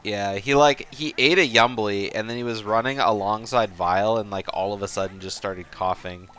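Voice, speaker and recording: A man casually commentating a speedrun race, relaxed and rambling as he talks to the chat. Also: lowish voice, moderate pace, smooth.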